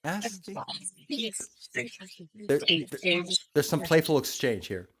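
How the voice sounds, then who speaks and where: A man hosting a live stream, chatting playfully, laughing often and softly repeating short phrases. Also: a little high, sing-song, takes it slowly, breathy edge. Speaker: livestream host running spirit sessions. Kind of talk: live casual commentary.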